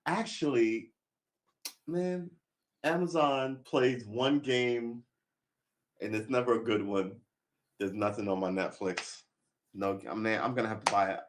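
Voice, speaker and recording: A man's voice: medium pitch, a little slow, pauses often. A man chatting casually on a live stream, rambling and making wry jokes.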